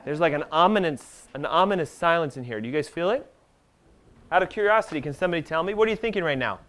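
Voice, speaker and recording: A man giving an animated health seminar to a live audience, talking fast and emphatically and firing questions at the room. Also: a little high. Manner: emphatic, rapid-fire, asks the audience questions.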